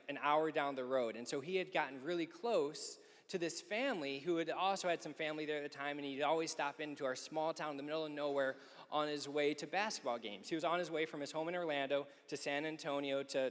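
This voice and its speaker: A man in his thirties speaking at a youth conference men's session. He tells a lively story and acts out the people he quotes. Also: on the high side, fast. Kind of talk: storytelling talk. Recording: echoey hall.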